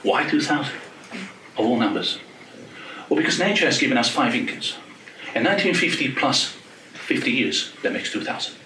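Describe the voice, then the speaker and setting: A man giving an academic talk, joking with quick asides in a lively manner. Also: medium pitch, a little hiss or hum. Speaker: panel speaker. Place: lecture hall. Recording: echoey lecture hall from far off.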